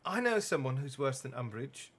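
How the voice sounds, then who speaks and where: A man voicing an earnest, bookish teenage girl in a storybook reading, with a soft, worried manner. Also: mid-range voice, big pitch swings, normal speed, husky.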